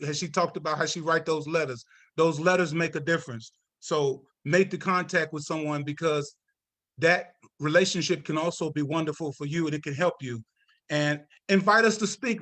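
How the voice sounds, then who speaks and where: A man giving heartfelt closing remarks on a video call, emotional and close to tears, thanking people warmly in loose casual phrasing. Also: a little high. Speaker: closing speaker at an advocacy event.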